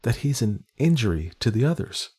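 A man's voice: medium pitch, very animated, brisk, darkish tone, breathy edge, voice pushed up. A man voicing an anxious, earnest young governess woman who speaks formally and precisely in an audiobook reading.

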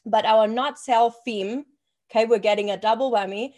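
A young adult woman co-hosting a casual podcast as a business coach, energetic and swearing freely, with lots of "like" fillers. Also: on the high side, moderate pace.

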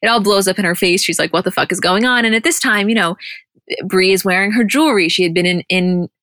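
Bright-voiced woman, chatty recap. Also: mid-range voice, fast, no echo, clean studio sound. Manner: animated storytelling, quoting others in put-on voices, frequent swearing. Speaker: podcast co-host recapping episodes. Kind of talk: casual chat.

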